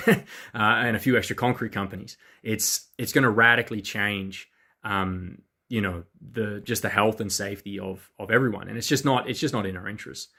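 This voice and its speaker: A man delivering a political monologue in a measured, lecturing way, with many filler pauses. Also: on the low side, pushed and bright. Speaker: political commentator in a played clip. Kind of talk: monologue to camera.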